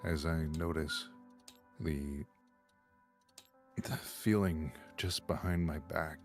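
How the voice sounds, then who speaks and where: A male tabletop player describing his character's actions, slow and halting. His voice sits deep and low, with faint music underneath. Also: fairly even intonation. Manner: hesitant, halting.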